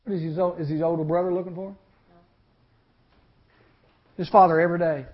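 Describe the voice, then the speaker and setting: A man preaching to a teen group, telling a Bible story and acting out its voices with lively energy. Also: on the high side, fairly quick, pauses often. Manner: animated, acts out voices in the story. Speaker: youth speaker. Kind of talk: storytelling sermon. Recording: lo-fi recording.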